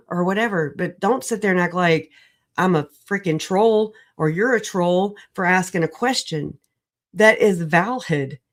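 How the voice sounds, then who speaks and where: A woman on a livestream video call, recovering from an illness, talking in an animated, rambling way, laughing often and swearing. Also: mid-range voice. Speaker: livestream guest. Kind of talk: casual livestream chat.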